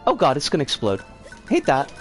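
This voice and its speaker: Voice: medium pitch, huge pitch swings, brisk, soft background music. A streamer chatting casually with viewers while playing a game, giggling often and swearing when the game goes wrong. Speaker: livestreamer reading chat.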